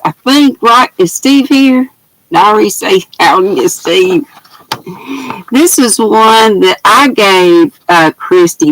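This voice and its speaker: A woman's voice: on the low side, a bit bright, no echo, rough recording. Chatty grandma greeting her viewers. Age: older. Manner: chatty, greets viewers by name with pet names, laughs often. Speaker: craft livestream host. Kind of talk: casual livestream chat. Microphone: laptop built-in mic.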